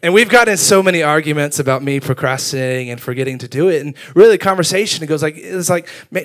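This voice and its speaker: A young man preaching a sermon, telling funny stories about himself with lively energy. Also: a little high, fast talker. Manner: animated storytelling with self-deprecating humor. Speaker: youth pastor.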